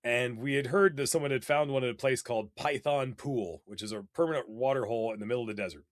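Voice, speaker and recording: A man telling casual stories as a podcast guest, animated and rambling, with many fillers. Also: medium pitch, quick pace, dry recording, studio quality. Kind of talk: casual storytelling.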